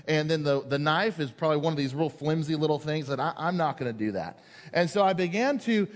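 A male pastor delivers a sermon in a fairly high voice, spinning a personal anecdote and acting out the lines of the people in it. His words ring out with a long reverb, as if from a large church hall. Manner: storytelling, acts out quoted voices, builds to emphasis.

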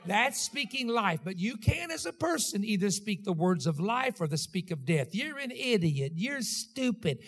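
Man, pastor, high voice, rhythmic sermon delivery, calls out to congregation. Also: animated, moderate pace, hardly any pauses, fairly bright tone, husky. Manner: rhythmic preaching with call-outs to the congregation.

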